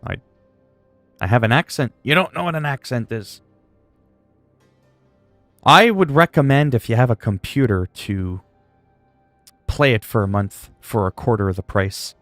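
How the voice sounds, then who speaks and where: A man's voice: mid-range voice, a little slow, pauses often, a bit bright, dry recording, faint music behind. A man from Canada chatting casually on a gaming livestream, joking and rambling while he answers chat.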